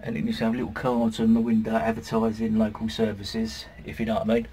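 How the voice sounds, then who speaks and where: A man's voice: fairly low pitch, completely flat delivery, fast talker, dark tone, slight background noise. A middle-aged man, chatting and rambling as he vlogs from his campervan, swearing now and then. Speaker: campervan vlogger. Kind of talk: casual rambling vlog chat. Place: outdoors by a campervan in the sun.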